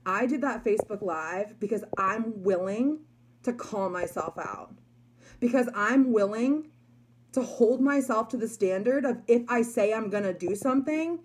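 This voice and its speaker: A woman's voice: fairly high pitch, normal speed, husky. A young woman giving a chatty, emphatic motivational talk to her followers. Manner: chatty, emphatic, many likes and you guys. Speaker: network marketer.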